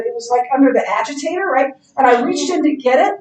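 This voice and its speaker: High-voiced middle-aged lady teaching bible class, chatty storytelling, echoey room, mic kinda far off. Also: quick pace. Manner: chatty, animated storytelling, laughs easily. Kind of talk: casual classroom lecture with anecdotes.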